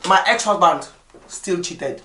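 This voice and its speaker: Animated woman in an echoey room. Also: on the low side, takes it slowly, distant mic. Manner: animated, lively storytelling with emphatic repetition. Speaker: podcast guest. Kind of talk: casual chat.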